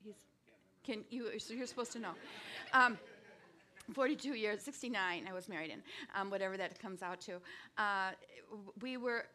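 A woman in her sixties giving a conversational sermon with frequent restarts and lively bursts. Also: mid-range voice, normal speed. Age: 60s or older. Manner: conversational, with many restarts and sudden bursts of animation. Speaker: speaker giving a devotional talk.

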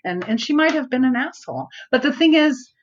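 A woman guest talking earnestly and reflectively, often pausing to find her words. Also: high-pitched, animated, dull audio. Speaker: outreach worker and guest. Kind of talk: conversational interview.

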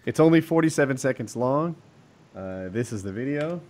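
A man's voice: medium pitch, normal speed. A man with a Boston accent hosting a casual podcast chat, telling stories emphatically. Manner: animated storyteller, emphatic. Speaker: podcast host.

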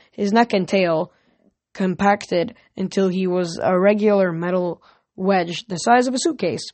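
A woman reading a novel aloud at home in a plain, steady way, with small slips and restarts. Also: fairly low pitch, no room sound. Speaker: reader.

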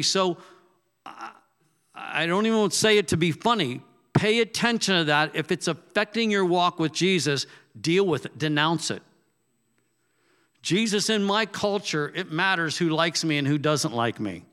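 A pastor preaches a sermon at normal speed in a conversational style, asking the congregation direct questions. He swings between loud, emphatic bursts and soft, low asides.

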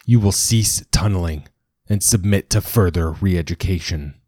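A man voicing a zealous, controlling older father who shouts commands in an audiobook story. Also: sits low, fairly even intonation, normal speed, slightly rough, dry recording, clean studio sound. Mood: cold commanding.

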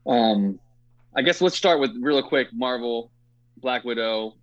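A man's voice: mid-range voice, measured pace, dry recording, dull audio. A man hosting a casual movie podcast, rambling with lots of fillers and easy laughs. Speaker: podcast host.

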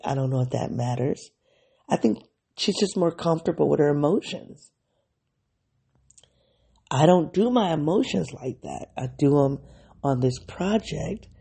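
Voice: mid-range voice, vocal fry, dark tone, breathy edge. A podcast host speaking candidly in a reflective solo diary episode, thinking aloud and analyzing their own feelings.

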